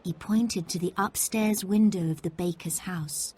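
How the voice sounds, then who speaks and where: A woman narrating a story for English learners, reading slowly and carefully. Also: on the low side, warm tone. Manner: slow, careful, clear reading.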